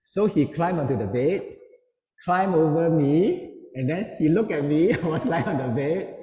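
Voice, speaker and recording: Brief: middle-aged male speaker, darkish mellow tone, a bit higher-pitched, lively storyteller who acts out quotes, heard in a reverberant hall. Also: measured pace. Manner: storytelling, acting out quoted voices. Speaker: seminar speaker. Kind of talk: parenting seminar talk. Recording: echoey hall with long reverb.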